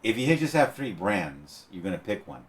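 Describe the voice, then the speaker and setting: Podcast guest: very low American male voice, lively swings, blunt and crude stories. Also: moderate pace. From United States. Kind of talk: casual chat.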